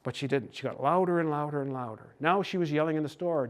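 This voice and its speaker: An older Canadian man giving a gentle, folksy storytelling talk to a hockey team. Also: fairly high pitch, fast. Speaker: speaker on cultural mindfulness.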